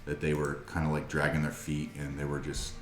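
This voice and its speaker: Man, game master, very deep voice, slow, hesitant, echoey room. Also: completely flat delivery, faint music behind. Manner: hesitant, many fillers. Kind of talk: narrating a tabletop game.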